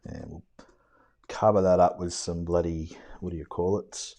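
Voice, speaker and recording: A man's voice: deep voice, fairly even intonation, normal speed, dark tone. An Australian man giving a casual watercolour demo, muttering offhand remarks to himself as he paints and sometimes dropping to a whisper. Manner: self-mocking, offhand with mild swearing.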